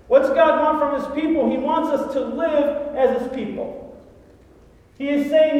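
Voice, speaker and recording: A man's voice: very high voice, expressive, unhurried, a little mellow. A male pastor preaching a sermon in a church, conversational and dramatic. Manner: conversational, dramatic reading of scripture. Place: church sanctuary. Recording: echoey hall from far off.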